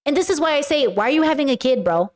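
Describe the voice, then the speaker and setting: A young woman hosts a livestream, reading viewers' messages aloud and answering them casually and bluntly, animated and direct. Her voice is high-pitched and quick, picked up by a webcam or desk mic.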